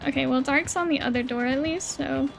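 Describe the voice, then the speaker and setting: A woman streaming a game live, chatting with teammates in an excitable way, swearing and squealing. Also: high voice, brisk, vocal fry, soft background music. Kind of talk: live gameplay chat with teammates.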